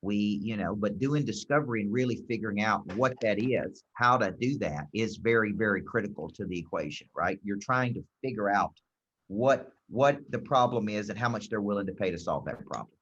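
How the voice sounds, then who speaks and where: A man's voice: on the low side, a little fast, a bit bright, husky. A man giving emphatic sales coaching advice, repeating key phrases for punch. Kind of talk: motivational coaching talk. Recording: dull lo-fi recording.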